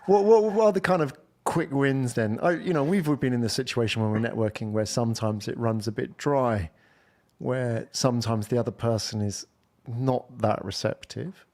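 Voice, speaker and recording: A man's voice: mid-range voice, normal speed, a little mellow. A man hosting a podcast interview, agreeing often and prompting his guest with questions. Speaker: podcast host. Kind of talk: conversational interview.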